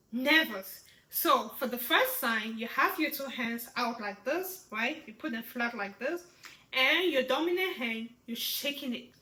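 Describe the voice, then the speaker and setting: Slow, high-voiced woman teaching step by step. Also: bright, forceful tone. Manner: repeats each word, checks in with "right?". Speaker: sign language teacher. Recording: echoey room.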